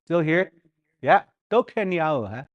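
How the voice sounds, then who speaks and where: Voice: medium pitch, lively intonation, a little slow, no echo, lo-fi sound. A Dakota language teacher from Sioux Valley, leading a live class in a playful way and repeating words so students can practise. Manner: paces around the room while teaching. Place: classroom during a livestreamed class.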